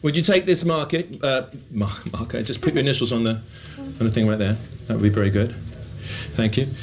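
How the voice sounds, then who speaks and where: Quick-talking magician man. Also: medium pitch. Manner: brisk, coaxing patter. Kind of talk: performing a book test for a crowd.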